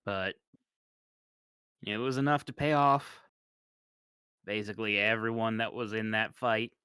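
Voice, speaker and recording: Man, dungeon master, tabletop game narration, slow, relaxed, hesitant, smooth clear voice, dry close mic. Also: on the low side, dry recording.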